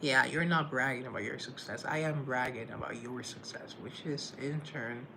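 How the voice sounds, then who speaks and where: A man's voice: mid-range voice, normal speed, gravelly, background noise. A man chatting casually on a live stream, self-deprecating and playfully sarcastic.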